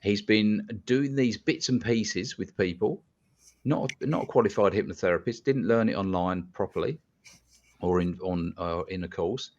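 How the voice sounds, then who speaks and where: Blunt man, low voice, lo-fi. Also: moderate pace. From London, England. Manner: blunt, animated storyteller who swears casually. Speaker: guest hypnotist. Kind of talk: casual podcast storytelling. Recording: dull lo-fi sound.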